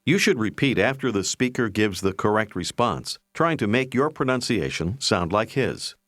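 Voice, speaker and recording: Measured male language-course narrator, lowish voice. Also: lively intonation, fairly bright tone, dry recording, clean studio sound. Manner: clear, measured teacherly prompting. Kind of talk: scripted language-lesson instruction.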